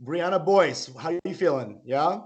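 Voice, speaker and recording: A man's voice: a little high, animated, measured pace, dull audio. A male comedian doing a stand-up set, rambling, interrupting himself and laughing at his own jokes.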